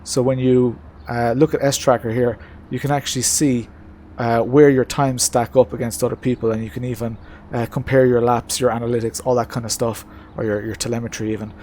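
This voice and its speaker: A man chatting casually on a live stream from his home racing setup, relaxed and talkative, answering chat with many hesitations. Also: medium pitch, brisk, hardly any pauses, slight background noise. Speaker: streamer racing in a sim-racing league.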